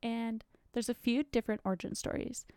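A young female podcast co-host with the hiccups rambles through casual chat, using lots of fillers. Her mellow voice has a fairly high pitch, fairly even intonation, and a brisk pace, captured in clean studio sound without echo.

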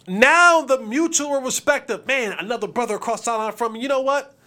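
A man hosting a sports podcast, giving opinionated commentary in an animated, preachy way and acting out quotes. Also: very high-pitched, fairly quick.

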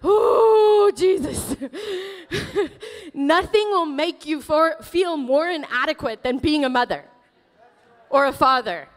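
A woman pastor preaching a sermon in a church, emotional and animated, laughing often as she tells stories. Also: high voice, unhurried, big-room sound. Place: church sanctuary.

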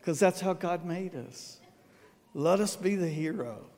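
A man preaches in a light, high voice. He jokes in a folksy way and drops to a hush to make a point. A long church-hall reverb trails his words. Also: a little slow. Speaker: pastor. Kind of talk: sermon. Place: church sanctuary.

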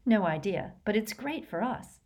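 A woman voicing a brisk, cheerful teenage witch who passes on news brightly. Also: medium pitch, very animated, pitched above the performer's own voice. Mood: dismissive. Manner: bright, gossipy.

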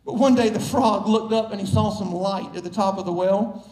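A man preaching a sermon as pastor, emphatic and building up to shouts. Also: high-pitched, moderate pace. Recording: echoey room.

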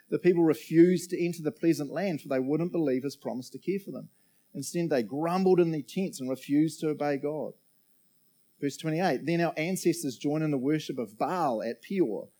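A middle-aged man preaches to a church congregation. He keeps it loose and chatty, laughing often and checking in with the room. His voice sits a little high but sounds warm and mellow. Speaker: pastor. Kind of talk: sermon. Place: church auditorium.

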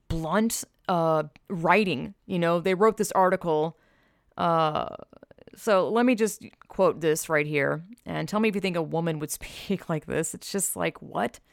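A woman's voice: lowish voice, clear, resonant tone, no echo, clean studio sound. A woman giving casual spoken commentary, blunt and exasperated, sighing and stopping to restart as she reads aloud.

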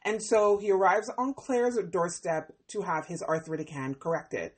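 A woman hosting a podcast that reviews a TV series, talking casually in an animated, expressive way, often exclaiming and laughing. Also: on the low side, moderate pace.

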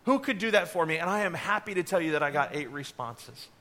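A man's voice: on the high side, lively intonation, brisk, pushed and bright, slight background noise. A man preaching a sermon to his congregation, earnest and direct, with offhand asides. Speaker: pastor.

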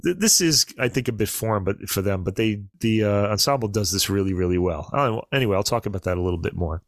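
A man co-hosting a casual podcast, chatting about classical recordings in a relaxed way with fillers and asides. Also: lowish voice, fast talker, dry recording, clean studio sound. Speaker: podcast co-host.

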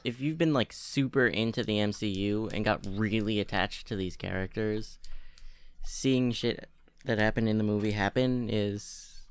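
A man co-hosting a casual podcast, measured and reasonable in his replies. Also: on the low side, smooth, dry recording. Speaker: podcast co-host.

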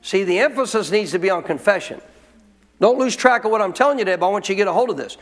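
A man's voice: high voice, animated, racing. A man preaching a sermon as pastor, emphatic, driving his points home with rhetorical questions. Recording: long hall reverb.

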